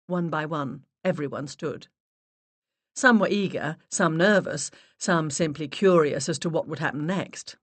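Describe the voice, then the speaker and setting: A woman narrating a mystery audiobook in the first person, expressive storytelling. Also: sits low, measured pace, no room sound. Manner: expressive storytelling with varied character voices.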